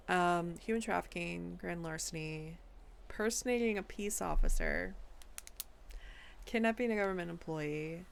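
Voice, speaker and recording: A woman streaming live, reading case papers aloud in a casual voice with a gravelly, fried edge. She keeps breaking off to question the text in disbelief. A faint noise sits under her voice. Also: fairly low pitch, a little slow. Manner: incredulous, breaks into laughter and asides while reading.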